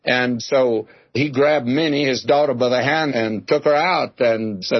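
A man's voice: mid-range voice, unhurried, dry recording. A man preaching a sermon, teaching through a scripture passage in a folksy, conversational way and calling his listeners "my friend". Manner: folksy, addresses listeners as "my friend", tells homely jokes. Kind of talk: expository sermon. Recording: dull lo-fi recording.

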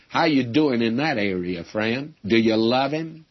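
Older male radio preacher, folksy and earnest, husky voice, dull old recording. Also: medium pitch, unhurried. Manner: folksy, earnest preaching, addresses listeners as friends. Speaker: radio Bible teacher. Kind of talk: sermon.

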